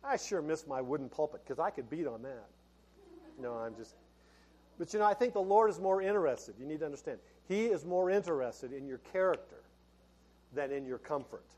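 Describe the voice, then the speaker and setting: A man's voice: a little high, expressive, a little fast, a little mellow. A middle-aged male pastor preaching a sermon in a folksy, conversational way, laughing and restarting as he talks.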